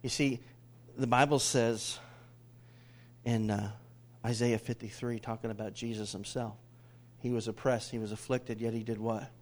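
A middle-aged pastor preaching a sermon, animated, drawing the congregation into call-and-response, swinging between loud declarations and hushed asides. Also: male voice, medium pitch, normal speed, long pauses.

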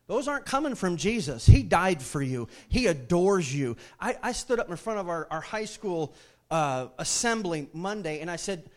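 A man with a notably high-pitched voice delivers a sermon to his congregation. He preaches emphatically, repeating phrases and asking the listeners questions. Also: big pitch swings, moderate pace. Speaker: pastor.

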